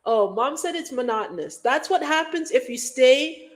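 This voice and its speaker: A woman's voice: sits high, lively intonation, normal speed. A middle-aged woman from Guyana hosting a livestream, rambling in casual chat and breaking into hummed beats and mock voices. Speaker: livestream host.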